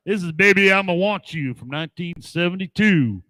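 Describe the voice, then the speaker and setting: A man's voice: high voice, expressive, brisk, hardly any pauses, sharp tone, dry recording, clean studio sound. Sarcastic middle-aged man ranting. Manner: sarcastic, mocking, chuckles often. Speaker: podcast host playing old records. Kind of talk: casual rant.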